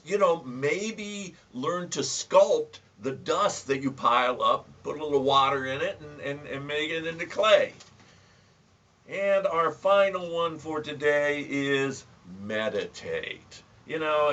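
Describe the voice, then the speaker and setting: A man's voice: on the high side, fairly bright tone. A man hosting a casual home video, giving folksy tips and telling a joke with dry humor and stammered restarts. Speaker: host. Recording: distant, dull lo-fi sound.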